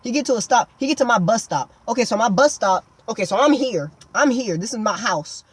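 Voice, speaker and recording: Animated woman telling a comic story. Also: a little high, fairly quick, slightly rough, dry recording. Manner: exaggerated, dramatic, slangy storytelling with sudden yelps. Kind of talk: comedic storytime monologue.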